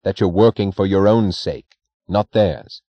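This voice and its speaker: A man voicing a composed young male aristocrat who speaks with calm, quiet composure, in an audiobook reading. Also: sits low, measured pace, dry recording. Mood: probing. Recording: dry, dull lo-fi recording.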